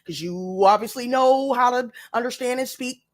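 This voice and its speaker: A woman's voice: on the high side, normal speed. A woman telling a story to her live-stream audience in casual chat, emphatic and profane as she rants. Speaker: tarot reader live-streaming.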